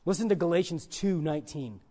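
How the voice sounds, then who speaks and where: A man preaching a sermon, emphatic, swinging between loud stressed points and quiet asides. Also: on the high side, expressive, fairly quick. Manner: emphatic, rises loud on key points, then drops to soft asides.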